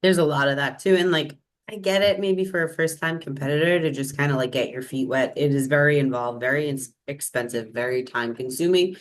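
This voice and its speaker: A woman with a very deep voice co-hosts a podcast. She speaks frankly and in a measured way, backing up the other host's points. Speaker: podcast co-host. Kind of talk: candid podcast chat.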